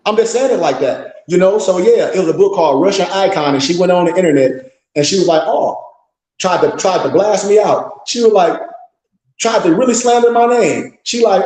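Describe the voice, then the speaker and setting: Speaking a little fast, a man who serves as pastor and teacher tells stories in a casual livestream, animated and boastful, imitating voices as he quotes others. His pitch is high for a man, and the room echoes noticeably.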